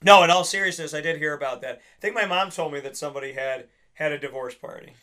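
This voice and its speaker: Chatty male host, higher voice, rambling. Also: fast, sharp tone. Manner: rambling, restarts, lots of "like". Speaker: podcast host. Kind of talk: casual chat.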